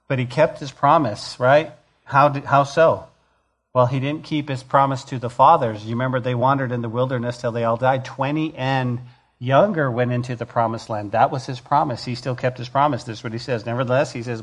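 A man's voice: mid-range voice, brisk. A man preaching a sermon as pastor, reading scripture and rising to emphatic, passionate preaching.

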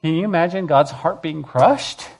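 A man's voice: on the high side, moderate pace, creaky. A man preaching a sermon as pastor, reading scripture and rising to emphatic, passionate preaching.

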